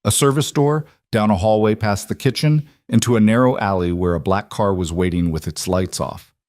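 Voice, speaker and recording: A man narrates a romance story at an unhurried, even pace. His voice sits low, recorded close and dry. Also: no echo. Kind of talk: scripted narration.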